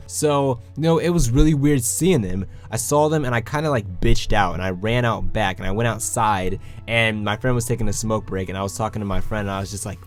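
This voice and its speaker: Young man telling an awkward story. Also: medium pitch. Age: young adult. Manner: animated, acts out quoted lines. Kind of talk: casual storytelling to camera.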